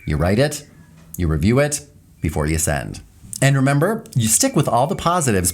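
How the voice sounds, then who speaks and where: A man giving an instructional talk on business letters, animated and emphatic, sometimes reading sample letters aloud in a softer tone. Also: lowish voice. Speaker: communication skills instructor.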